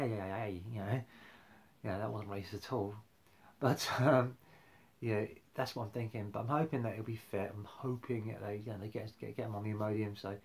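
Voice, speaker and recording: A man rambling casually about football on a live stream, full of fillers and restarts. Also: on the low side. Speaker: football fan vlogger.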